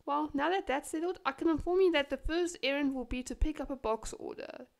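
A woman's voice: high voice, a little fast, creaky, pitched above the performer's own voice. A woman voicing an indignant young dressage rider who demands support. She is sick.

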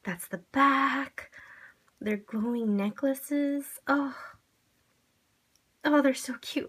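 A woman vlogger opening blind boxes on camera at home, gushing and giddy, jittery with excitement, swinging between squeals and hushed whispers. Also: sits high, extremely slow, pauses often. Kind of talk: excited unboxing chat.

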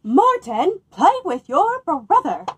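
A storybook mother calling out firmly to her son from a distance, as a woman reading aloud puts her on. Her voice rides high and lifts louder when she calls, with an unhurried pace. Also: little pitch movement, dry recording.

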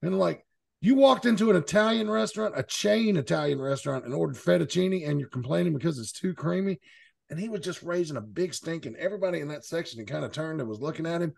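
Gravelly, outspoken man. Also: on the high side, expressive, fast, a little mellow. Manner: blunt, outspoken storyteller. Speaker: podcast panelist. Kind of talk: casual chat.

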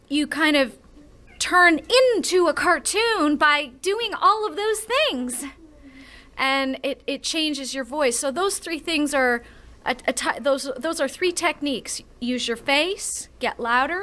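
A woman voice actor with a high, bright voice gives casual interview answers. She explains step by step with small fillers and encourages a young interviewer as she coaches them.

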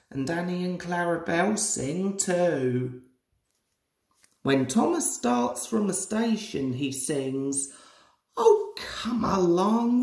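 A man's voice: high voice, gravelly. A young man in his twenties reading a children's storybook aloud as a storyteller. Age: 20s. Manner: slow, lively storybook reading. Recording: roomy echoey room.

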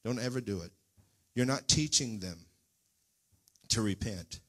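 A man's voice: fairly low pitch, expressive, unhurried, fairly bright tone, husky. A man pastor preaching a Pentecostal sermon in a church, folksy and fervent, at times rising into near-singing cries. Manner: folksy, talks straight to the congregation. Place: church sanctuary.

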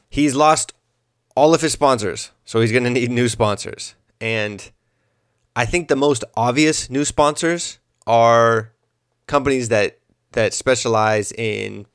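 A man's voice: medium pitch, clean tone, dry recording, clean studio sound. A young adult man hosting his own podcast, rambling through a comedic monologue. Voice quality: animated, rambling. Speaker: podcast host.

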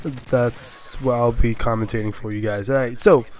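A man's voice: mid-range voice, steady tone, moderate pace, a little hiss or hum. Rambling jokey young man. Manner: rambling and jokey, with many fillers and silly voices. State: sick. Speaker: online video commentator. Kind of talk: casual commentary reading out odd laws.

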